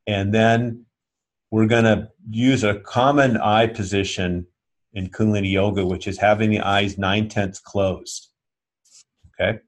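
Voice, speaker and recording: A man with a fairly low voice leads a yoga class over a video call. He explains each step patiently and keeps checking that his students are following along. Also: steady tone, a little slow. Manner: patient, checks understanding often. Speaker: yoga teacher. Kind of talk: instructional class talk.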